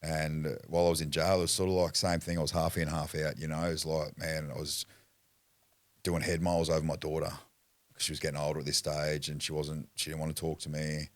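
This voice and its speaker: A man's voice: rumbling low, level tone, fairly quick, no echo. An Australian man telling his life story as a podcast guest in blunt, profanity-heavy talk that rambles and restarts. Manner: blunt, swears constantly. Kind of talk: candid personal storytelling.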